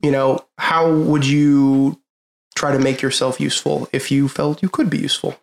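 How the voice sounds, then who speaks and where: A man's voice: medium pitch, little pitch movement, moderate pace, gravelly, echoey room. A young man narrating as game master, casual and hesitant with frequent ums.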